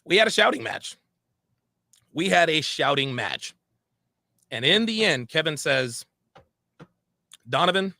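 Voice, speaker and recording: A man's voice: fairly high pitch, very animated, a little slow, gravelly, pauses often, bright, forceful tone, no room sound. A man telling a personal story in a dramatic, confessional way. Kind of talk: storytelling monologue.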